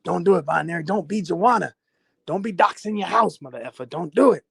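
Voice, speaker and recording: A man's voice: high-pitched, expressive, a little fast, vocal fry, husky, dry recording, clean studio sound. Rambling, profane man streaming from his phone. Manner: loose, profane, laughing and rambling. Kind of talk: casual live stream chat. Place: walking around his house.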